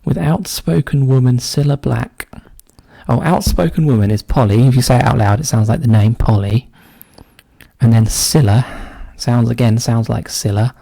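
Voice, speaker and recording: A man solving a cryptic crossword, thinking aloud in a casual way and often dropping to a quiet mutter. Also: medium pitch, normal speed, vocal fry, no room sound. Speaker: crossword solver. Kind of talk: casual solo puzzle-solving commentary.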